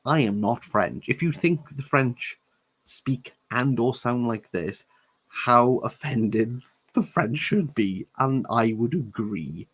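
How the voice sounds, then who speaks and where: A Welsh man in his thirties runs a book channel and reads a novel aloud slowly in a husky, fairly bright mid-range voice with lively intonation. He playfully stops to joke about the book and repeats words he savours.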